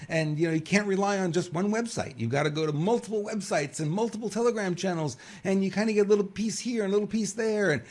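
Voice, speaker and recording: A man's voice: high-pitched, fast, few pauses, darkish tone. A man in his fifties from New York hosting a political commentary show, rambling and conversational with lots of fillers. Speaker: host.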